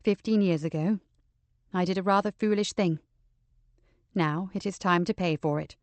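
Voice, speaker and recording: A grave, dignified older mother, as a woman narrator puts her on speaks in an even, controlled tone. The delivery is quiet and softly measured, close and dry. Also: fairly low pitch, no room sound, close to an everyday voice. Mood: composed.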